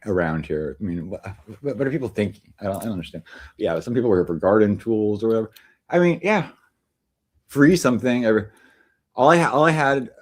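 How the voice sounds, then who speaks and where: Low-voiced rambling man hosting a stream. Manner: chatty and meandering, many fillers and restarts. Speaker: livestream host. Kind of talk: rambling casual livestream chat. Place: home.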